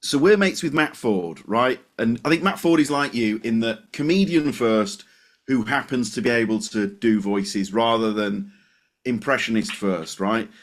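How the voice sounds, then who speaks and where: A man's voice: medium pitch, measured pace. A male podcast host who chats casually, swears freely and restarts his sentences a lot. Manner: animated, swearing, stumbling restarts.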